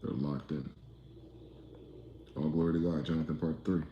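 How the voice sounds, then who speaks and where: A man's voice: extremely low pitch, steady tone, moderate pace, echoey room, muffled recording. A man from New Jersey hosting a livestream, rambling, profane and ranting as he reads out chat comments. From East Orange, New Jersey. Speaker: livestream host.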